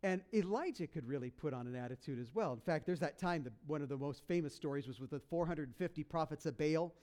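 A man with a high voice preaching a sermon. He tells a story with humor and energy and keeps breaking into playful character voices. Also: fast talker. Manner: animated, jokey storytelling with put-on voices. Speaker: pastor.

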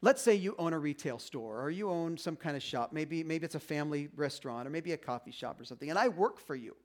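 A man's voice: fairly high pitch, expressive, fast. A man preaching a sermon as pastor, in a conversational way, acting out little voices and quotes.

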